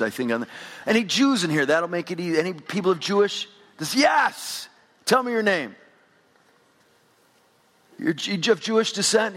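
A man's voice: high voice, fairly bright tone. A man preaching a sermon as pastor, engaging his congregation directly with questions. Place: church sanctuary with congregation. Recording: long reverb of a large hall.

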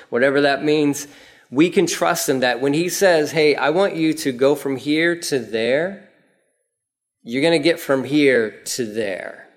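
A man preaching a casual, conversational sermon, telling the story vividly and acting out prayers in a raised voice. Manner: animated storytelling, acts out prayers in a raised pitch. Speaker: pastor.

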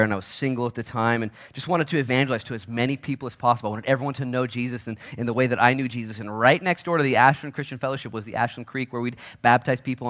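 Animated pastor preaching. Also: male voice, medium pitch. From Oregon, United States. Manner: animated, swinging between loud urgency and hushed asides, with quick restarts. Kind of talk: sermon. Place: church.

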